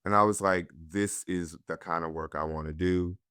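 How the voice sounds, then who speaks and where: Low, smooth-voiced man telling stories. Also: steady tone, normal speed, a bit bright, dry recording, clean studio sound. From North Carolina. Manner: reflective, earnest, candid. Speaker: actor guest. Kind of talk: candid conversational storytelling.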